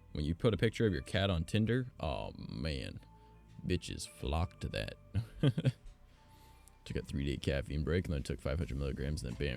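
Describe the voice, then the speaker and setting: Deep, gravelly-voiced man telling stories. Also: darkish tone. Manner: rambling, blunt and profane. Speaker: streamer. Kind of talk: casual storytime chat. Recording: faint background music.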